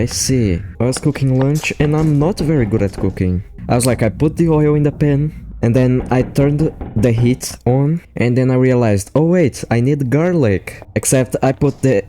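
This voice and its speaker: Laughing gaming YouTuber, man, mellow voice. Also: mid-range voice. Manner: laughs often, swears, excited reactions. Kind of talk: game commentary mixing live play and scripted explanation.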